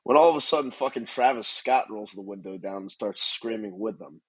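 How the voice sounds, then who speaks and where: A man co-hosting a podcast, telling stories in relaxed casual chat with casual swearing. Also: lowish voice, fairly quick, slightly rough, dry recording, poor audio. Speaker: podcast co-host.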